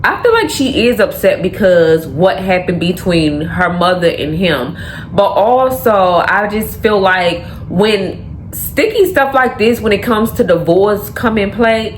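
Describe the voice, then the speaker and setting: Slow-talking woman in an echoey room. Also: medium pitch. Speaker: commentator. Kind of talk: casual commentary. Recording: echoey room with faint background noise.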